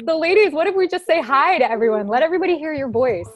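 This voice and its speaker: A woman hosts a live online masterclass, a webinar Q&A held over video call, speaking to participants with warmth, encouragement, and affection. Her voice sits high and expressive, moving a little fast with frequent pauses.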